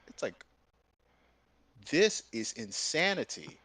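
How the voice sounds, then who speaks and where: Young male host, casual profane storyteller, high bright voice. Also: normal speed. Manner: animated, profane, acts out both sides of arguments. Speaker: gaming and art channel host.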